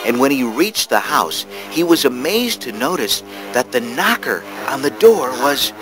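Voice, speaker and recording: A man narrating a holiday radio drama with expressive storytelling. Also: medium pitch, unhurried. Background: music.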